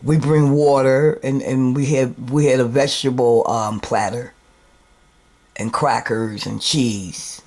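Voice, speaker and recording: A man hosting his own video show, ranting in a rambling, emphatic, profane monologue that swings between loud outbursts and subdued asides. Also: medium pitch, steady tone, takes it slowly. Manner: repeats words and restarts often. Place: New York.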